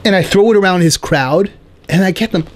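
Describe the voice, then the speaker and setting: A man hosting his own podcast, telling a playful comic story in a casual, animated way with frequent "right?" asides. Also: sits high, fairly quick, a little hiss or hum. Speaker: podcast host.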